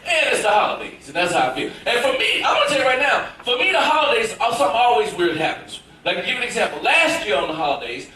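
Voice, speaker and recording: A stand-up comedian, a man from Tennessee, tells a story with big animated emphasis in a high, bright voice. He is heard from far off in a very echoey theater. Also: fast, hardly any pauses, a little hiss or hum. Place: cruise ship theater with audience. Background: audience laughter.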